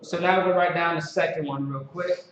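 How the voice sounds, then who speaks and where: A man teaching a language class in a relaxed, halting way, with many fillers and restarts. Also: on the high side. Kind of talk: casual classroom instruction. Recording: echoey, distant, dull lo-fi recording with some noise.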